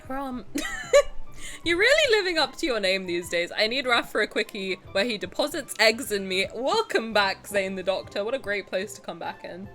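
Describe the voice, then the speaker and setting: A woman's voice: medium pitch, sing-song, moderate pace, sharp tone, soft background music. A young woman streamer chatting casually with her viewers as she reacts, gushing and often breaking into laughter.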